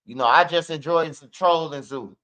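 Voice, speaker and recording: A man's voice: on the high side, normal speed, fairly bright tone. Rambling, profane man. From Chicago. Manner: rambling, profane, repeats bro and man, laughs often. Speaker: livestream commentator. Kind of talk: casual livestream rant. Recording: muffled lo-fi stream audio.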